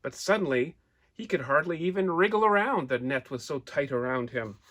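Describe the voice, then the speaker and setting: Male storyteller reading to children, lively, draws listeners in with questions and pictures. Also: fairly high pitch, normal speed, a little hiss or hum. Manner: animated, asks listeners questions; points out pictures while telling.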